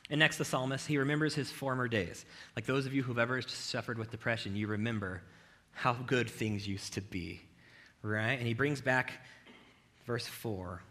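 A man's voice: mid-range voice, pushed and bright. A male pastor giving a conversational sermon in a church, with frequent rhetorical "right?" asides. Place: church with video cameras.

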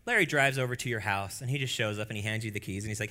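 A man preaching a church sermon with a bright, clear-edged voice. He drops into hushed, low stretches, then climbs into loud, high exclamations. The delivery stays lively and direct with the congregation. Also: very fast. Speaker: pastor.

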